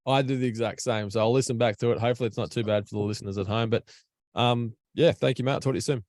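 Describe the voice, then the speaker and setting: A man's voice: mid-range voice, fairly even intonation, fast, darkish tone, no room sound, studio quality. An Australian man hosting a casual podcast over an online call from home, chatty, blunt and matey. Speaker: podcast host.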